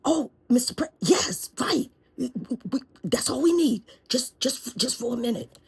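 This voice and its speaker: A woman's voice: high-pitched, measured pace, vocal fry, breathy edge, voice pushed up, heavily acted. A woman playing a timid, nervous male lawyer who stammers and pleads. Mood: pleading. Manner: stammering, pleading, repeats words.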